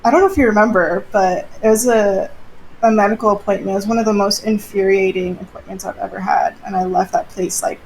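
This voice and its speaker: Gravelly-voiced woman podcast co-host. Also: medium pitch, fairly even intonation, fairly quick, slight background noise, rough recording. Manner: blunt, casual, some swearing. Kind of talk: casual chat.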